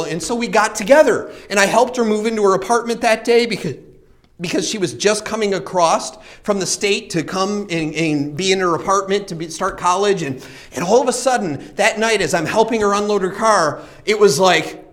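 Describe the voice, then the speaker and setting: A man's voice: high voice, moderate pace, a bit bright. A man preaching a sermon, telling a personal story with earnest repetition and frequent rhetorical questions.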